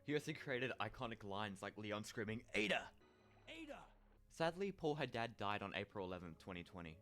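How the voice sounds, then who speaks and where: A man narrating a scripted, opinionated ranking of actors over music. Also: medium pitch. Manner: brisk, opinionated.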